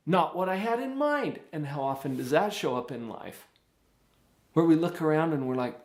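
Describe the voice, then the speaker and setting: A man hosting a show, giving an animated motivational talk and acting out quoted voices. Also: a little high, normal speed. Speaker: show host. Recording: echoey room.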